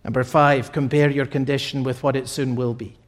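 A man preaching a sermon, slow and emphatic, repeating key phrases for weight. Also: medium pitch, little pitch movement.

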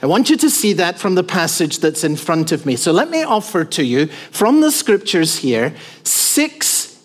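A pastor in their fifties preaching a sermon in a deliberate way, putting questions to the congregation. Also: medium pitch, sing-song. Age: 50s.

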